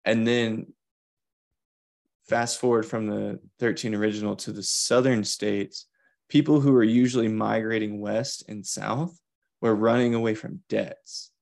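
A man's voice: lowish voice, steady tone, a little slow, vocal fry, darkish tone. A man co-hosting a podcast in casual chat, thinking aloud in long winding asides. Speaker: podcast co-host.

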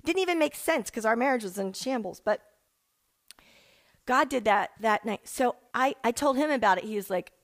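A middle-aged woman telling her personal faith testimony in an emotional, animated way, acting out the people she quotes. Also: fairly high pitch, normal speed. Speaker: speaker sharing a personal testimony.

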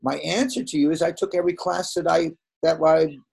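A man's voice: on the high side, brisk, creaky, husky. A man in his sixties, a veteran hairdresser, telling stories from his career in a casual conversation and acting out the dialogue. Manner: animated, acts out quoted dialogue.

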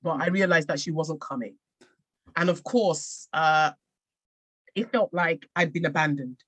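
A woman's voice: low voice, measured pace. An English woman from England, a podcast guest and author, telling her own story in an earnest, reflective way with frequent restarts. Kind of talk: personal storytelling in a podcast interview.

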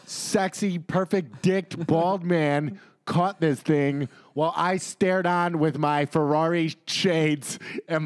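A man, co-hosting a casual podcast and ranting indignantly with lots of swearing. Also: fairly high pitch. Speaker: podcast co-host. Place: home podcast studio.

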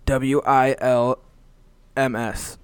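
A man's voice: medium pitch, little pitch movement, drawn-out words, clean tone, dry recording. A man guesting on a comedy podcast, talking with a mock-formal, news-anchor-like delivery while he has a cold. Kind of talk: improvised comedy banter.

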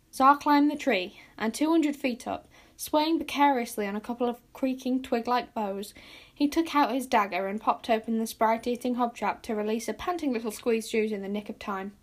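A woman narrating a children's storybook aloud with lively, expressive storytelling. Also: fairly high pitch, moderate pace. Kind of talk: storybook reading.

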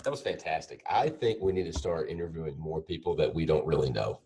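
A man's voice: extremely low pitch, lively intonation, fast talker, warm tone, recorded from a distance, rough recording. A man co-hosting a podcast, explaining his thoughts casually with fillers. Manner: explanatory, thinks aloud with fillers. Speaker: podcast co-host. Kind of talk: casual chat.

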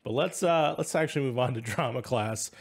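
A man in a loose, casual podcast conversation, with a mid-pitched voice. He sounds enthusiastic and rambles as he talks, laughing often. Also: a little fast, breathy edge. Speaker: podcast co-host.

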